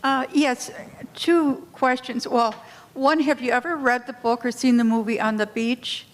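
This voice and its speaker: A woman's voice: fairly high pitch, steady tone, measured pace. Woman asking a question in a hall. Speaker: audience member asking a question. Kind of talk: audience question. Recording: long hall reverb.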